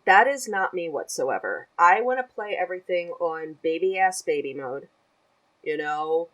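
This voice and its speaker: A chatty woman with a notably low voice talks casually as a podcast guest. She is animated and laughs easily as she goes. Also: a little slow, poor audio. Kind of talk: casual chat.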